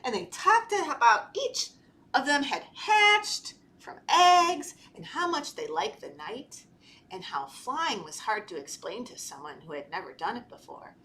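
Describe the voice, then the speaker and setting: A woman children's librarian reading a picture book aloud to toddlers, animated and playful, gasping and talking to the children. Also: a little high, unhurried. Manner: animated, talks to children, gasps and laughs. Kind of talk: storytime read-aloud. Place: library storytime video.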